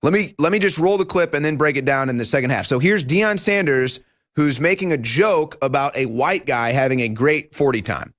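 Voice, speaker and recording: A man hosting a studio talk show, delivering an animated political commentary monologue with emphatic rhetorical questions. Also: a little high, moderate pace. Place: broadcast studio.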